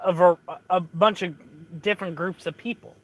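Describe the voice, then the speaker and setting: A man's voice: high-pitched, fairly even intonation, moderate pace. A man telling a movie plot in casual chat, rambling through fillers and restarts.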